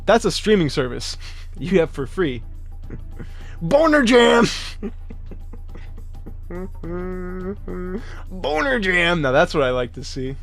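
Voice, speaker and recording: Excitable, profane male streamer. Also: on the high side, takes it slowly, pauses often, soft background music. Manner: profane, excitable, laughs often, reads card text and reacts to chat. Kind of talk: casual live-stream chat, reading card text aloud.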